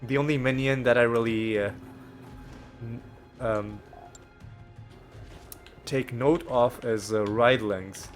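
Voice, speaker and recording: Let's play host, male, sick with a cold, hesitant thinking-aloud delivery over soft game music. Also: mid-range voice, fairly even intonation, takes it slowly, long pauses. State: ill with a cold, occasional coughs. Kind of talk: casual gameplay commentary. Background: faint game music.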